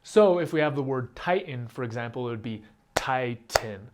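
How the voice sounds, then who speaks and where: A man's voice: medium pitch, lively intonation, quick pace, heavy background noise. A man hosting his own channel, explaining a rap technique step by step in a plain, direct, casual way. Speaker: rap teacher and channel host. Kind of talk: casual instructional talk to camera.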